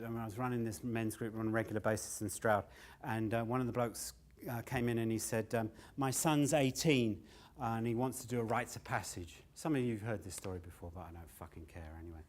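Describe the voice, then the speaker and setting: This storyteller and comedian speaks in a lowish voice with fairly even intonation, a little fast and with few pauses. He's an older man on stage, spinning loose, sweary stories and frequently cracking up at his own material.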